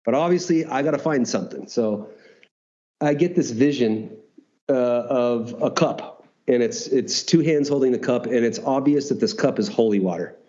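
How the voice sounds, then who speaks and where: A man with a warm, dark tone tells a story as a podcast guest. He talks casually and with animation, acts out bits of dialogue and swears now and then. The audio is dull and lo-fi. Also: mid-range voice, unhurried. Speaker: guest, retreat founder.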